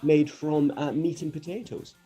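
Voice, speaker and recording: A man with a husky, slightly high voice hosts a school radio show. He chats casually, restarting phrases as he goes, and faint music sits behind him. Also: flat delivery, normal speed, warm tone. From North East England. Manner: chatty, hesitant restarts. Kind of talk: casual live chat.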